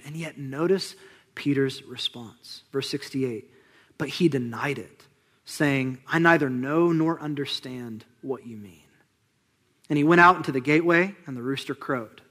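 A young man preaching with lively, conversational energy, his voice sitting a little high. He acts out the people in the passage and sinks to near-whispers for weighty points. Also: normal speed. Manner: animated, conversational preaching with dramatic drops to a hush. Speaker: pastor. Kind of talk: sermon.

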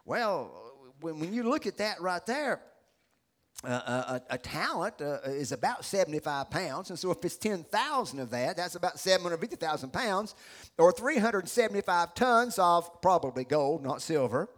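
Animated preacher, high voice. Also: male voice, normal speed. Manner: animated storytelling, acts out voices. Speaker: pastor. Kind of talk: sermon.

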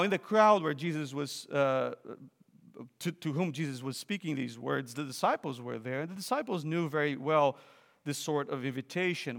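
Man preaching in a reverberant hall. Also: a little high. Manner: storytelling, swelling to loud emphatic exhortation; hesitant restarts and fillers. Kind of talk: sermon.

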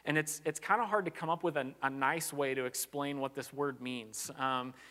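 Earnest preacher in a reverberant hall. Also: male voice, mid-range voice, fairly even intonation, moderate pace, bright, forceful tone. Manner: earnest, conversational, frequent "like" and restarts. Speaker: pastor. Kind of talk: sermon.

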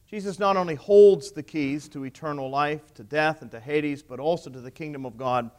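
A man delivers a sermon in a voice pitched higher than most men's. He builds to emphatic points and keeps putting rhetorical questions to his listeners. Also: normal speed. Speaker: preacher.

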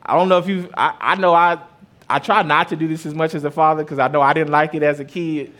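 At a quick pace, a man in his thirties preaches in a voice on the high side with fairly even intonation. As a pastor with a conversational approach, he blends scripture and stories about his kids, his volume rising and dropping.

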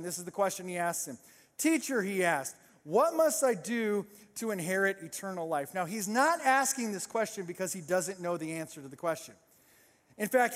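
A man with a high voice preaches to a congregation and acts out the characters with sarcastic voices. His voice carries a long reverb from a large church hall. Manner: animated storytelling, acting out sarcastic voices. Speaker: pastor. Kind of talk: sermon.

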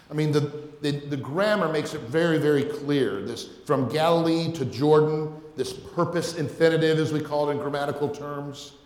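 A man's voice: fairly high pitch, darkish tone. A man preaching a sermon as pastor, emphatic and questioning, often repeating words as he drives a point home. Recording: echoey hall.

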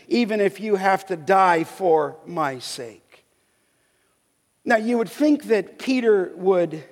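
A man preaching an expository sermon, slow and deliberate, drawing words out for emphasis. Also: high-pitched. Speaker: pastor. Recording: long reverb from a large hall.

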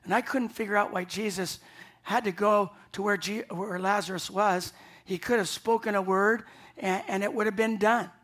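A man's voice: high voice, fairly even intonation, moderate pace, a bit bright. Pastor, male, Easter sermon; earnest, emphatic delivery with restarts and repeated words. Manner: earnest, emphatic, repeats himself when building a point.

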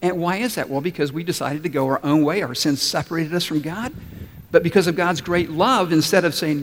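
Male pastor, fairly high voice, earnest storytelling sermon, long church reverb. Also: fairly quick. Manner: earnest storytelling preacher, acts out quotes.

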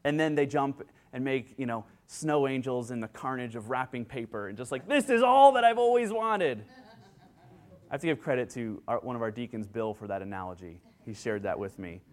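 Man, pastor, sermon, handheld mic, earnest, bursts of excitement. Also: medium pitch, a little fast. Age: adult with children. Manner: earnest, excitable, acts out joyful quotes. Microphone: handheld microphone.

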